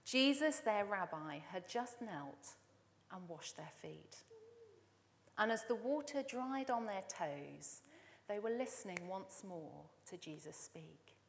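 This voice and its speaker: A woman's voice: mid-range voice, lively intonation, slow, vocal fry, in a large hall. A woman from Dorset giving a chatty, storytelling sermon as she introduces a reading. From Dorset, England. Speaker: church speaker introducing a reading.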